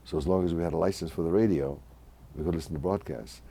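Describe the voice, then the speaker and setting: A man in his eighties who grew up in Hungary, recalling his childhood in a measured, reflective oral history interview. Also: deep voice, vocal fry, warm tone, slightly rough. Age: 80s. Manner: measured, reflective, restarts mid-phrase.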